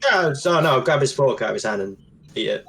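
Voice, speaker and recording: A man playing a tabletop game in relaxed, joking talk. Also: mid-range voice, fast, a little hiss or hum. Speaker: player. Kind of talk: casual tabletop play.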